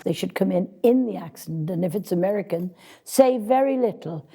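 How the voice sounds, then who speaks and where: A woman's voice: mid-range voice, expressive, moderate pace, gravelly, warm tone, a little hiss or hum. A woman casting director answering interview questions with direct, practical advice for actors, speaking frankly.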